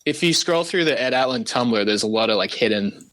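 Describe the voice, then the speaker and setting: Australian male guest, bright tense tone, rambling casual chat. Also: mid-range voice, expressive, brisk, low-quality recording. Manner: rambling, many fillers. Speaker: guest animator.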